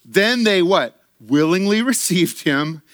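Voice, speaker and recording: A man preaching a sermon to his church in an animated way, acting out quoted voices and laughing often. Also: high voice, slow pace, no echo, studio quality. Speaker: pastor.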